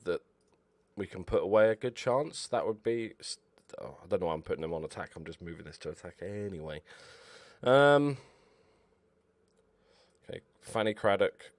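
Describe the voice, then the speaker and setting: A man commentating over his own football management game, excitable and swearing at his players. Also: sits low, normal speed, pauses often, dry recording. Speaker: gaming YouTuber. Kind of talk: Let's Play commentary.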